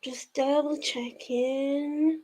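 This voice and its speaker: A woman's voice: high-pitched, fairly even intonation, very slow, dark tone. A woman hosting a casual reading livestream, chatting with viewers, giggly and full of fillers. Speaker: livestream host of a reading sprint.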